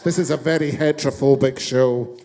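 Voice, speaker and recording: A man's voice: medium pitch, fairly even intonation, fairly quick, vocal fry, mellow, a faint crowd. A man hosting a casual chat show, ranting brashly with lots of swearing and jokes. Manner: brash, sweary, joking rants.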